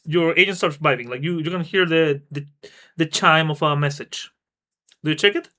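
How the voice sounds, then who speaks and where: A man's voice: on the high side, normal speed, sharp tone. A man narrating a tabletop role-playing game on a live stream as game master, in a loose, rambling way. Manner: rambling, loose, laughs at own jokes.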